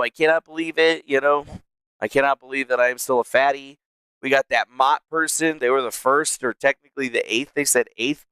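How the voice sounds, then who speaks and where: A man's voice: mid-range voice, fairly bright tone, clean tone, no room sound. A man live-streaming from a small room at home, rambling casually with lots of swearing and laughing to his chat. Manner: rambling, profane, laughs a lot.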